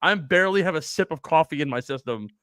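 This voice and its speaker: A man in his twenties telling rambling stories in a casual chat, with animated bursts. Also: on the high side, fast talker, clear, resonant tone, no echo, studio quality. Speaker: panelist.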